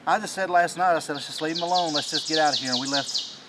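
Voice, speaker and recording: A man, excitedly telling the story of a hunt in a casual chat outdoors in the mountain woods, rambling and restarting his sentences. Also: a little high, quick pace, very noisy. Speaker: hunting channel host.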